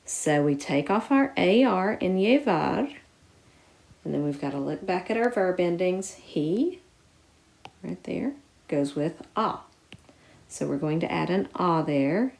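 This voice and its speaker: A woman teaching a recorded lesson, explaining each step clearly and putting stress on key words. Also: on the low side, lively intonation, slow pace, long pauses, a little mellow. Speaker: Spanish teacher.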